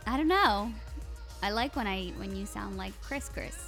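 Bright, teasing female radio co-host. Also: mid-range voice, animated, normal speed, faint music behind. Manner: teasing, playful. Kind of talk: casual morning radio chat. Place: radio studio.

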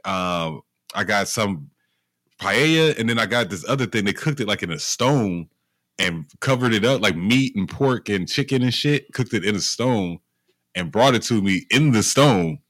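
A young man in casual chat, telling stories in an animated way with heavy slang and swearing. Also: lowish voice, normal speed, no room sound, studio quality. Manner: animated storytelling, profane slang.

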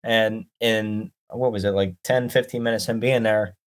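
A man's voice: fairly low pitch, fairly even intonation. A man, a guest, chiming into a casual conversation and adding his side of the story. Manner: quick to agree, chiming in. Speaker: guest explorer. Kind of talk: casual chat.

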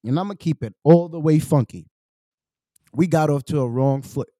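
A man's voice: on the high side, moderate pace, mellow, no echo, studio quality. A young man with a New York accent, telling a story in casual podcast chat, slangy and profane, acting out quotes. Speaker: podcast host.

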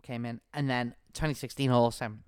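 A lively man who laughs a lot co-hosts a podcast, chatting casually. His medium-pitched voice moves at a normal speed and sounds clear and resonant, with no room sound.

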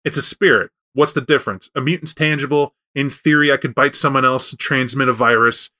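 A man hosting a casual chat about tabletop role-playing games, telling stories in a rambling, animated way with frequent restarts. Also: mid-range voice, brisk.

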